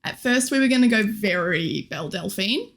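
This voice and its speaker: A woman's voice: medium pitch, expressive, moderate pace. A young woman streaming live, chatting casually and greeting viewers, giggly and scattered, her voice a little worn. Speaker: Twitch streamer.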